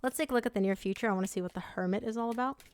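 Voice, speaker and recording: A woman's voice: a little high, very fast, slight background noise. A woman giving a chatty, upbeat tarot reading, talking straight to her viewers. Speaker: tarot reader.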